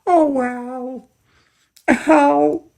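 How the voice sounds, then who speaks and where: A man voicing Margaret, a fussy, emotional woman, in a high, melodramatic sketch voice. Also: steady tone, drawn-out words, vocal fry, a little mellow, exaggerated voice. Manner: high, fluttery and melodramatic, with rising swoops.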